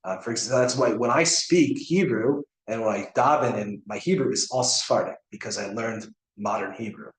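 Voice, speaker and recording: A man's voice: medium pitch, a little fast, hardly any pauses. An American man, a rabbi, teaching a class in a casual way, with many fillers and restarts and frequent checks on his students. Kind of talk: informal class lecture. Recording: echoey room.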